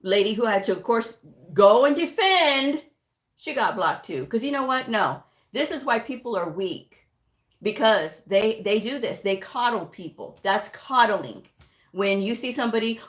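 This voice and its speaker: A woman's voice: lively intonation, unhurried. A woman hosting a livestream as a tutor, talking bluntly with tough love and reading viewer comments aloud. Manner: blunt, tough-love, mocks with high whiny voices; reads chat comments aloud. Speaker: livestream host and medical coding tutor. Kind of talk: casual livestream talk.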